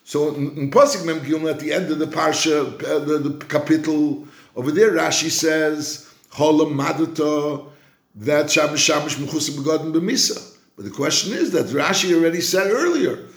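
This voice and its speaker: A man whose voice sits a little higher than most men's teaches a Talmudic-style Torah class, slowly chanting each quoted verse before reasoning through it in quick, searching back-and-forth. He often restarts sentences and repeats words, and the room rings with a noticeable echo.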